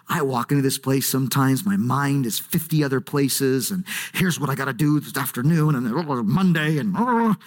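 A man preaching a sermon in a church, swinging between high, eager bursts and low, hushed intensity. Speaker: pastor.

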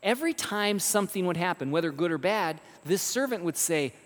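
A man preaching a sermon, telling stories with emphatic, animated delivery and rhetorical questions. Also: high voice, fairly quick. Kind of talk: sermon storytelling. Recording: long reverb of a large hall.

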